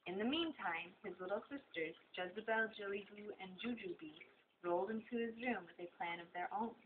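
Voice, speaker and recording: A woman reading a children's bedtime story aloud at home with animated delivery. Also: mid-range voice, normal speed. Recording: tinny lo-fi with hiss.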